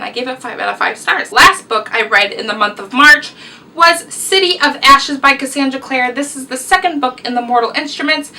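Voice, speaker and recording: A woman's voice: high-pitched, pushed and bright, distant mic, rough recording. A young woman, chatting through a casual book review vlog, rambling and enthusiastic. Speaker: book vlogger.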